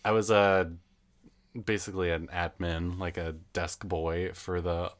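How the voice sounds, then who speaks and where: A man chatting casually, telling stories from his old jobs in a lively way, swearing now and then. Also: low-pitched, measured pace. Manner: animated storytelling, swears, acts out customers. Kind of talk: casual chat.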